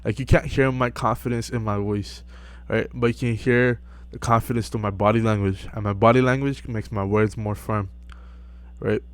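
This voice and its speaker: A man's voice: fairly low pitch, moderate pace. Laid-back young man giving advice. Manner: relaxed, filler-heavy, repeats "right?". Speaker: self-improvement vlogger. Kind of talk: casual advice monologue. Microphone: close mic.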